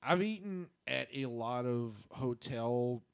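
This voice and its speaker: A man's voice: medium pitch, lively intonation, slow, creaky, clear, resonant tone. A man co-hosting a podcast, telling rambling profane anecdotes in casual chat. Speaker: podcast co-host. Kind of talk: casual storytelling.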